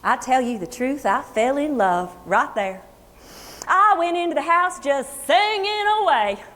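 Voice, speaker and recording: A plainspoken Kentucky country singer, played by an actress, spins her memories in a folksy, chatty way with a thick Appalachian accent. Her voice sits high. It rings with a long reverb through the luncheon hall. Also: expressive, fairly bright tone. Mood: reminiscing. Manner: folksy, chatty, unhurried storytelling. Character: homespun Kentucky country singer woman, plainspoken, fond storyteller. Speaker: actress in a historical portrayal. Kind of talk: first-person historical monologue. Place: luncheon hall before an audience.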